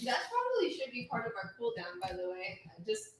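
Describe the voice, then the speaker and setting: A woman's voice: fairly high pitch, wildly swooping pitch, a little fast, a crowd in the background. A woman with a New Jersey accent co-hosting a casual live show, teasing and playful. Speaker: co-host.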